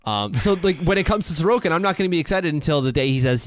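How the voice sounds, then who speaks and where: A man's voice: medium pitch, lively intonation, fast, hardly any pauses, clean tone, dry recording, clean studio sound. A man co-hosting a podcast in casual chat, chatty and storytelling. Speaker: podcast co-host.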